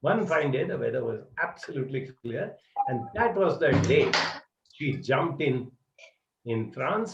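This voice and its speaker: A man giving students advice, telling an animated story full of "uh" and "you know". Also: mid-range voice, measured pace, gravelly, noisy background. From India. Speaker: psychology mentor. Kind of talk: advisory talk with storytelling. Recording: roomy, distant, dull lo-fi sound.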